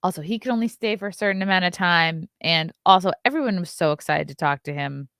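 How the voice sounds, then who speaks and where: A woman in her thirties hosts a casual morning stream, reading news items and reacting to viewer comments. She talks in a fairly low voice and sounds chatty and opinionated. The sound is dry and close, with no room echo. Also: fast, fairly bright tone. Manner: chatty and opinionated, reacts to chat, yawns often. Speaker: host of a morning talk stream.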